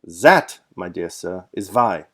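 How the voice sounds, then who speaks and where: A man's voice: low-pitched, expressive, slow, exaggerated voice. A dignified, stiffly patriotic old colonel with a German accent, as a man puts him on. He talks in a raised, emphatic voice and presses hard on chosen words, like an audiobook reader giving a character his due. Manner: emphatic, stresses single words.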